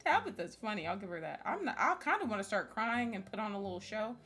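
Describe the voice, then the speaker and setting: A woman's voice: medium pitch, expressive, fast, a bit bright. A young woman streaming a story game, talking casually with brash, profane jokes and frequent laughter. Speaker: gaming streamer. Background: faint game music.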